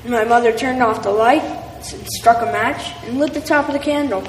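A woman reads a first-person story aloud, plain and earnest. Her voice sits slightly high and comes from some distance off the mic. It echoes through a large hall with a long reverb over faint background noise. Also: normal speed.

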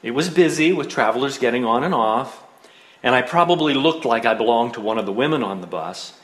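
Middle-aged man, wry storyteller; lively delivery, roomy echo. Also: mid-range voice, brisk. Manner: wry, self-mocking humor. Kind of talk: personal storytelling.

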